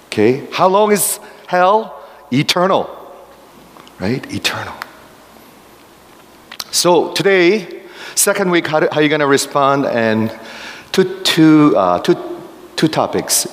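A man preaching a sermon as pastor, emphatic and firing questions at the congregation. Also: medium pitch. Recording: long hall reverb.

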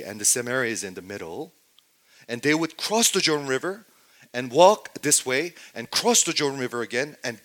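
A man preaching a sermon, moving between loud emphatic stretches and hushed near-whispers, and putting rhetorical questions to his listeners. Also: medium pitch, poor audio. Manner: asks the audience rhetorical questions. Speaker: pastor.

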